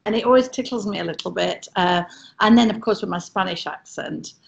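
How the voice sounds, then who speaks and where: A woman's voice: mid-range voice, brisk, creaky. A middle-aged English woman, a former cruise ship entertainer, telling chatty, self-mocking stories on a video call. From England. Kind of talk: casual storytelling on a video call.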